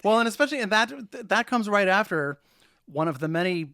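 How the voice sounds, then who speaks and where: Wry man chatting about a film, slightly high voice. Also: animated, fairly quick, sharp tone, dry recording, clean studio sound. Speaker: podcast guest. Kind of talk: casual film chat.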